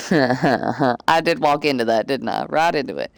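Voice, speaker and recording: A woman's voice: rumbling low, unhurried, no echo. A woman livestreamer at home, chatting casually with her viewers in a blunt, profane, joking way. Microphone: desk microphone.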